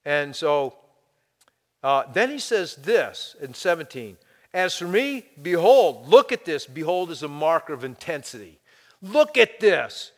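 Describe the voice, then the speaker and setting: A man's voice: fairly high pitch, a little slow. Preaching man in a reverberant hall. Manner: animated preaching, rhetorical questions, sudden drops to hushed tones. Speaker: pastor. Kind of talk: sermon.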